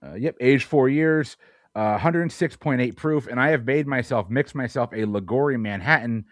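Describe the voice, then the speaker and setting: A man's voice: medium pitch, normal speed, no room sound. Podcast host guy, laid back, pokes fun at himself, dry close sound. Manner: relaxed, self-deprecating, introducing guests. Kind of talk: casual chat.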